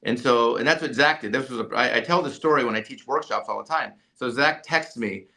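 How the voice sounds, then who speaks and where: Bright-voiced man telling an animated story. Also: medium pitch, brisk, vocal fry. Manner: animated storyteller, many restarts and "right?" tags. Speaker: jump rope company CEO and coach. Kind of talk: storytelling in a podcast interview.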